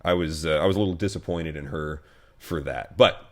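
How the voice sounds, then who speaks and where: An American pastor with a deep, low-pitched voice talks through church news in a relaxed, conversational way. He restarts sentences often and leans on fillers, with a dry, wry edge. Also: a little fast. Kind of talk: casual video commentary.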